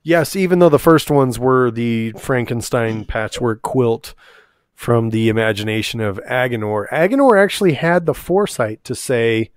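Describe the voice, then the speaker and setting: Brief: man on a chatty podcast, playful and musing, mid pitch, dead-dry recording. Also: expressive, normal speed, clear, resonant tone, dry recording. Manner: jokey, speculative. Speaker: podcast co-host. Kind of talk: casual chat.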